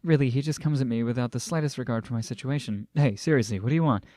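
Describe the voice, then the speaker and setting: A man's voice: mid-range voice, fast talker, mellow, no echo. A man casually reading a translated novel aloud, stumbling and restarting and breaking off for joking asides. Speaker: amateur novel reader.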